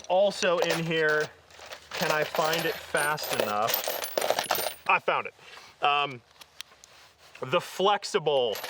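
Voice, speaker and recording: A man with a bright, forward voice hosts an off-road show. He chats through his gear in a loose, upbeat way, laughing often and filling gaps with "um" and "like". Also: mid-range voice, slight background noise. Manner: chatty and upbeat, laughs often, lots of fillers. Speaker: host of an off-road vehicle show. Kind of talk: casual tool kit walkthrough.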